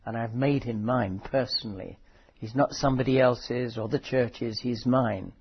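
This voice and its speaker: A man preaching a sermon in a conversational, thoughtful way, often pausing and correcting himself. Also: medium pitch, fairly even intonation, slightly rough, muffled recording. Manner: conversational, thoughtful, with frequent fillers and self-corrections.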